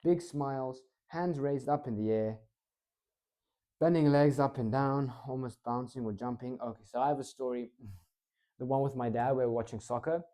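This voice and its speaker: A man coaching public speaking in a casual teaching talk, swinging between excited and slow, low delivery. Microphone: clip-on mic.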